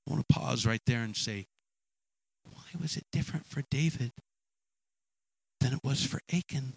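A man's voice: on the high side, vocal fry, breathy edge, no room sound. A man preaching a sermon with dramatic storytelling and emphatic repetition.

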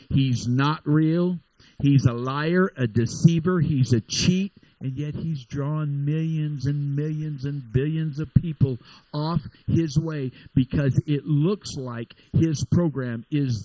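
A man preaching with animated storytelling energy, stumbling over restarts as he builds. His voice sits fairly high for a man, and the sound is dry and close. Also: no echo, highs cut off. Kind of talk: sermon.

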